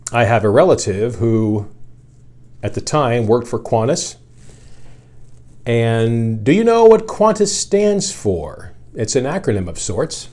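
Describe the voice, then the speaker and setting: Brief: middle-aged male yarn-spinner, very slow and easygoing, drifting into asides. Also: mid-range voice, sing-song, darkish tone. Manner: unhurried, meandering, full of asides. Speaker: radio journalist telling a story. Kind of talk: casual storytelling.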